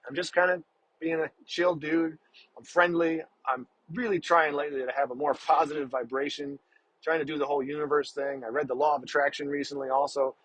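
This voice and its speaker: A man's voice: on the high side, a bit bright, breathy edge, low-quality recording. A man hosting a podcast, telling a story in a casual, profane, exasperated way. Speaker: podcast host.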